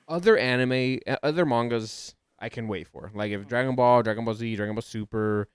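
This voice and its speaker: A man co-hosting a podcast, chatting casually and getting excited in high bursts. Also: moderate pace, clean tone, dry recording. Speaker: podcast co-host. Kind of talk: casual chat about anime and manga.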